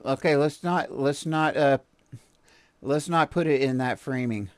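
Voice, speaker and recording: A man's voice: mid-range voice, a little slow, no echo, soft background music. A man hosting a video reaction show, talking bluntly and casually, swearing now and then and chuckling often.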